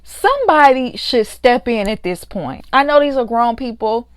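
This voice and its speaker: A woman's voice: a little high, animated, normal speed, clean tone, dry recording. A woman reviewing a reality show in a casual, exasperated rant, often mimicking the people she talks about. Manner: exasperated, quotes others in mocking voices.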